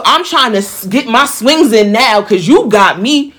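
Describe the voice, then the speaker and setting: A woman's voice: a little high, normal speed, husky. A young woman telling a story in a casual, profane way, acting out the voices of the people in it. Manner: animated, profane, acts out quoted voices.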